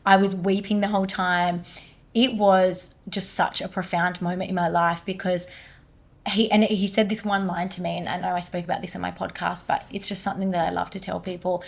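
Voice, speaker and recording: A woman, a guest energy healer, telling a personal story in animated casual conversation with lots of "like". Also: lowish voice, fairly quick, creaky. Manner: animated, many fillers like "like".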